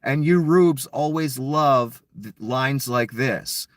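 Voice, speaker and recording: A man's voice: mid-range voice, slow, no room sound. A man giving a blunt, mocking solo commentary, full of profanity. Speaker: political commentator.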